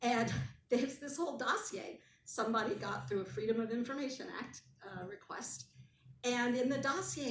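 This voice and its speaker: A woman guest telling a story in casual conversation, animated and wry. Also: fairly high pitch, a little hiss or hum. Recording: roomy, distant mic, faint ambience.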